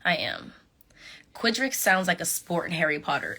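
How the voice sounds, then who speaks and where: A young woman chatting casually with fans on a live stream, animated and sassy, talking straight to her viewers. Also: lowish voice, moderate pace, gravelly, slightly rough. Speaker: reality show contestant on a live stream. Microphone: phone.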